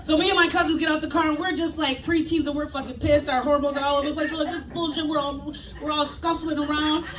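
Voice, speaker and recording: High-voiced woman doing stand-up. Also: steady tone, fast talker, slight background noise. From United States. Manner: loud, profane storytelling with acted-out voices. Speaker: stand-up comedian. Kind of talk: stand-up comedy set. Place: comedy club stage with live audience. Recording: echoey room, distant mic, loud crowd laughter. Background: audience laughing.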